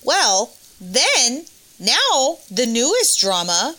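A woman in casual podcast chat, her voice bright and a touch high. She talks with lively swings in pitch and laughs easily, rising sharply whenever something outrages her. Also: drawn-out words. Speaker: podcast co-host.

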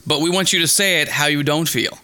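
A man's voice: on the high side, brisk, sharp tone, a little hiss or hum. A man in a casual chat, making dry, sarcastic jokes.

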